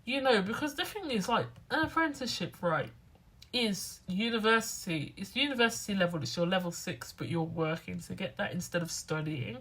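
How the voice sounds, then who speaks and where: A woman, chatting to camera as a student vlogger, rambling and animated. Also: medium pitch, fairly quick, breathy edge. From England. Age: 20s. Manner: rambling, animated, acts out other people's lines. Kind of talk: casual talking-to-camera vlog.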